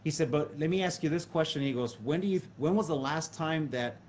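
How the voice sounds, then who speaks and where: A man's voice: on the high side, fairly quick, darkish tone, slight background noise. A man hosting a casual chat, retelling a conversation and quoting it back and forth with many restarts.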